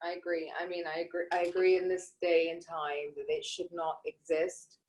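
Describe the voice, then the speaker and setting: A woman's voice: fairly low pitch, level tone, moderate pace, a little mellow. A woman co-hosting a podcast, speaking in an outspoken, emphatic way, with sarcasm at times, in casual conversation. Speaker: podcast co-host.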